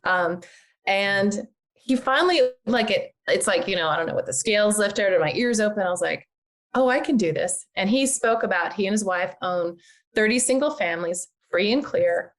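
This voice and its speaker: An older woman chatting as a podcast guest, animated and chatty, with frequent fillers. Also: mid-range voice, normal speed. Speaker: guest, real estate agent and investor. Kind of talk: casual podcast interview.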